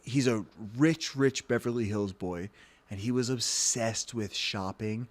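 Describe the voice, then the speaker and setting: A young man co-hosting a podcast, riffing in a joking, crude, animated way. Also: on the low side, unhurried. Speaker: podcast co-host. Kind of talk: casual chat.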